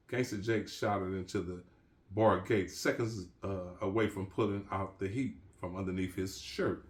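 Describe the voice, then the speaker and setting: A man's voice: sits low, moderate pace. A man reading his own crime novel aloud, casual, with street-slang asides and restarts. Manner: relaxed, street slang, restarts mid-sentence.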